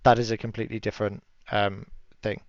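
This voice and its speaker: Chatty game master with smooth, dull-sounding audio. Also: male voice, fast, no echo. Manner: relaxed, chatty, laughs often, shouts enemy cries in high voices. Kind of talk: narrating a tabletop game. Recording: dull lo-fi stream audio, dry.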